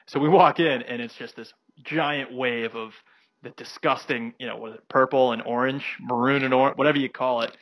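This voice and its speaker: A man's voice: medium pitch, fairly even intonation, a little fast, fairly bright tone, dry recording, rough recording. A man from South Carolina co-hosting a casual sports podcast, telling rambling stories with many "you know"s and restarts. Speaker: podcast co-host.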